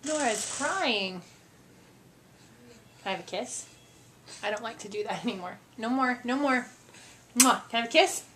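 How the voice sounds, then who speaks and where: A woman's voice: a little high, lively intonation, moderate pace, pauses often, noisy background. A mother talking in playful, coaxing baby talk with her toddler, often laughing. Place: family home.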